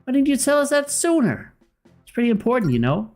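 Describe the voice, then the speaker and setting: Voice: high voice, very animated, brisk, a little mellow, faint music behind, pitched above the performer's own voice. A streamer voicing a spunky young female fairy companion who talks in an indignant, sassy way. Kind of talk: voicing game dialogue live.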